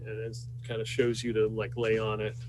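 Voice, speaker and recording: A man's voice: fairly low pitch, completely flat delivery, moderate pace, background noise. A man acting as game master, narrating a tabletop game over a voice call in a loose, hesitant way with many fillers.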